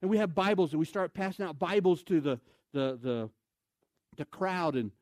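Animated preaching man, dry close sound. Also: a little high, moderate pace, no room sound. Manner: animated, with loud exclamations and quoted voices. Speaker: evangelist. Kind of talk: sermon storytelling.

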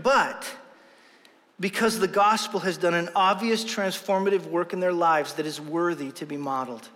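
A man with a high, somewhat bright voice preaches at normal speed as pastor, sincere and forceful, joking at his own expense. He's in a church sanctuary, and the large hall leaves a long reverb on his words.

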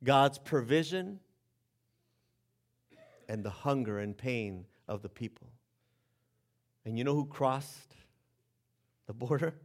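A man preaching a sermon, retelling a story with animated acted-out voices for the characters. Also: medium pitch, slow pace, pauses often. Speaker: pastor.

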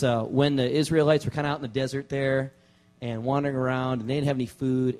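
A man, a pastor, preaching a casual sermon to his church, relaxed and joking, with many fillers and restarts. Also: medium pitch. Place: church sanctuary.

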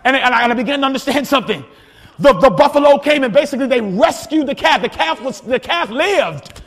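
High-voiced shouting preacher in a hall. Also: male voice, brisk. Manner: energetic, shouting preacher with repetitions and restarts. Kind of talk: sermon. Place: church sanctuary. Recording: long hall reverb, faint congregation.

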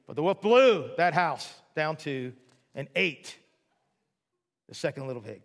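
A man's voice: on the high side, very animated, moderate pace, a bit bright, big-room sound. A male pastor preaching a sermon in a chatty, jokey storytelling way, full of asides to the audience.

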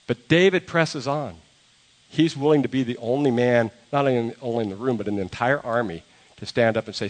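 Guy giving a sermon, chatty storytelling, mid-pitched voice, does little voices for the quotes. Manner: conversational storytelling, acting out quotes. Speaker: pastor.

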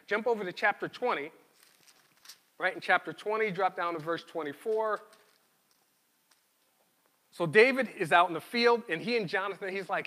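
Bright-voiced male preacher in a hall. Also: fairly high pitch. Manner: animated, conversational preaching with repetitions. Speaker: pastor. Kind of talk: sermon.

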